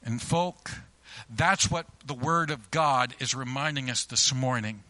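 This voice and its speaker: Slow, bright-voiced male preacher. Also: mid-range voice, dry recording, rough recording. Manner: slow, deliberate storytelling with emphatic pauses. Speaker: pastor. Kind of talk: sermon.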